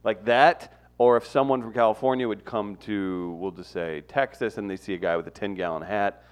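Brief: male co-host, smooth resonant voice on the low side, playful. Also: fairly even intonation, moderate pace. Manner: joking, imitates surfer drawl in asides. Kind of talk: casual chat.

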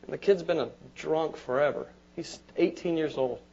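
Man, pastor, conversational sermon, high voice, repeats words, asks amen, dull lo-fi recording. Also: moderate pace, dark tone.

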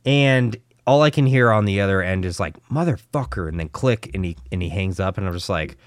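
A man co-hosting a casual podcast, telling a story in an animated way, acting out dialogue and swearing. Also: sits low, fairly quick, no echo, clean studio sound. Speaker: podcast co-host.

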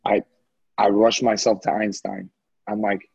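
A man's voice: lowish voice, little pitch movement, a little slow, vocal fry, darkish tone, breathy edge, no echo, highs cut off. A man on a podcast telling a story in casual chat, blunt and profane. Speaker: podcast co-host.

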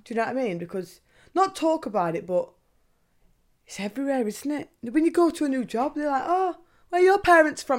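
A woman's voice: a little high, darkish tone. A young woman hosting a podcast, talking in a candid, confessional way and swearing freely. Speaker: podcast host. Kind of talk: casual confessional monologue.

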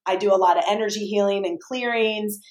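A woman's voice: medium pitch, fairly even intonation, brisk, a little mellow. Candid woman in an echoey room. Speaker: restaurant owner. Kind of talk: candid interview answers.

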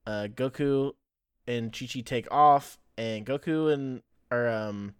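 A man's voice: medium pitch, slow, clean tone, no echo, studio quality. A man hosting a podcast, casually recapping episodes and laughing often as he tells the story. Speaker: podcast host.

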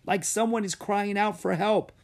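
A man's voice: high voice, steady tone, moderate pace, voice pushed up. A man voicing an unsure, worried young boy who has just become a dragon master.

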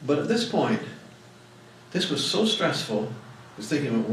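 A man's voice: medium pitch, lively intonation, a little slow, far from the mic, slight background noise. A man preaching a sermon as pastor, telling personal stories in a folksy, emphatic way. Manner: folksy storytelling, emphatic rises on key words. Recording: echoey room mic'd from afar.

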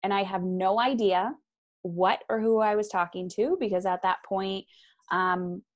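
A woman guest telling a personal story frankly and with energy, acting out the voices of people she quotes. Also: medium pitch. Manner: frank and animated, acts out quoted voices, quick asides. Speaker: guest, author. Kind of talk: candid personal storytelling in conversation. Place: lives in Ontario, Canada.

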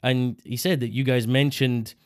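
A man co-hosting a podcast in casual, chatty banter. His voice sits at an ordinary middle pitch. He laughs often and keeps slipping into silly put-on voices. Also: steady tone, moderate pace. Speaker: podcast co-host.

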